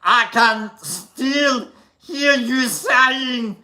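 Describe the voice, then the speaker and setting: A man doing a booming action-hero man. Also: expressive, extremely slow, heavily acted. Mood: booming singing. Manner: booming, shouted singing.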